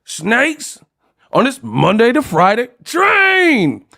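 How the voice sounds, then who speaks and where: A man doing an impression of an exasperated famous film actor who rants about snakes with drawn-out, mock-censored curses. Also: extremely high pitch, huge pitch swings, vocal fry, pushed and bright, pitched above the performer's own voice, exaggerated voice.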